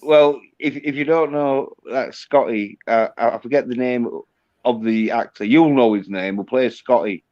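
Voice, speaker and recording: A British man in casual chat, stubborn and halting, often repeating his words. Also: medium pitch, darkish tone. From Britain. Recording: dull lo-fi sound.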